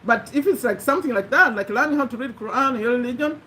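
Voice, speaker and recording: A woman's voice: fairly high pitch, quick pace, sharp tone, a little hiss or hum, poor audio. A woman giving an earnest, conversational motivational talk, repeating her key phrases for emphasis. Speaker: motivational speaker.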